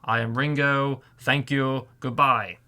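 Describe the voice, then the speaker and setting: Guy doing a chill old rock drummer, slow and peaceful, a little higher than usual. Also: steady tone, pushed and bright. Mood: mellow. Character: laid-back, mellow older male rock drummer.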